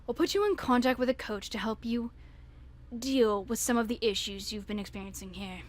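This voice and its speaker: A woman's voice: a little high, a little fast, close to an everyday voice. A woman reading aloud as a formal, firm female manager handing down a reprimand. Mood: stern.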